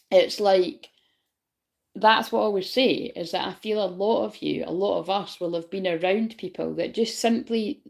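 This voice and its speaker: A spiritual reader with a medium-pitched voice and vocal fry gives viewers a casual, rambling reading. She swears freely, laughs often as she talks, and keeps asking whether they know what she means.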